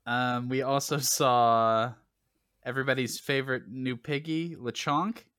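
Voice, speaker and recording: A man hosting a casual gaming podcast, relaxed and joking, with lots of fillers. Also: medium pitch, unhurried, clear, resonant tone, no echo. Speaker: podcast host.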